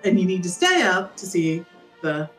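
A woman's voice: lowish voice, big pitch swings, moderate pace, reverberant, faint music behind. A woman co-hosting a podcast, chatting cheerfully and with enthusiasm. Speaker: podcast co-host, travel company co-owner. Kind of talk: casual podcast chat.

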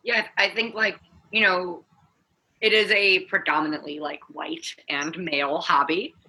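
A woman with a low-pitched but strikingly bright voice chats on a roundtable panel. She rambles casually, leaning on fillers and restarting her sentences. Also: steady tone, a little slow, rough recording. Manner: rambling, many fillers like "like" and "you know".

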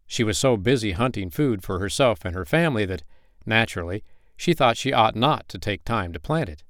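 Male bedtime-story narrator, gentle and expressive, animated pitch, dry close mic. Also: fairly quick, no echo. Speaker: podcast storyteller.

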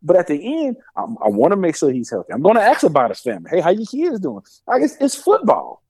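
A man co-hosting a sports radio show, telling stories in a lively way about his playing days. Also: fairly high pitch, fast talker, slightly rough, no echo. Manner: lively, storytelling. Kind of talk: casual sports talk.

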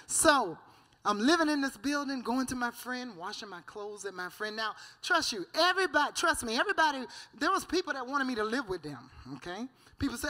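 A woman's voice: sits high, big pitch swings, a little fast, pushed and bright. A woman giving a preached church testimony, fervent and storytelling, breaking in with amen and hallelujah and often laughing.

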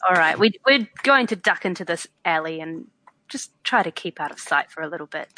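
A woman's voice: on the low side, lively intonation, brisk, bright, forceful tone, a little hiss or hum, poor audio. A woman playing a character in a tabletop game, polite and firm, often stammering as she starts a sentence. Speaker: player.

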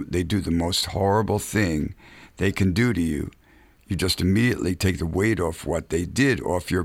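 A man speaks as a radio guest in a very low, gravelly, husky voice. He muses unhurriedly, often restarting his sentences, and sometimes reads a story aloud. The sound is close and dry. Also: dry recording. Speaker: guest musician. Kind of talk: casual chat and reading a story aloud.

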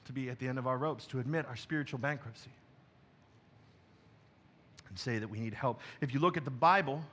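A man, a pastor, preaching a sermon from a church stage, moving between quiet, intimate passages and loud, emphatic ones. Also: medium pitch, fairly quick.

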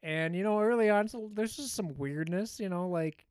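A man's voice: sits high, moderate pace, darkish tone, clean tone, no room sound, studio quality. A man co-hosting a podcast, casually recapping a film in a rambling, profane storytelling way. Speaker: podcast co-host. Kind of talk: casual movie recap chat.

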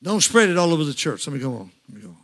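A man's voice: on the high side, sing-song, racing, a bit bright. A man preaching a sermon, telling folksy stories and rising to fervent calls to the congregation.

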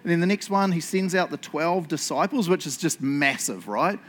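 A man preaching a casual sermon, telling stories in an excitable, chatty way and laughing along. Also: fairly high pitch, moderate pace.

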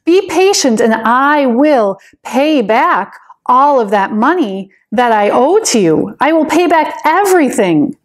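A desperate male servant begs on his knees for more time, his voice climbing high and pleading, as a woman teacher puts him on. The delivery swings widely, rising sharply on each plea. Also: very animated, unhurried, hardly any pauses, heavily acted. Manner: begging, earnest.

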